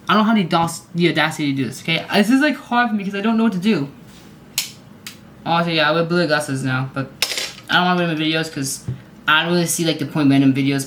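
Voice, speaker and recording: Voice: mid-range voice, brisk, pauses often, fairly bright tone, a little hiss or hum. A vlogger giving casual, rambling commentary, often unsure and apologizing. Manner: hums along to clips. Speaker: video creator ranking sports goal horns.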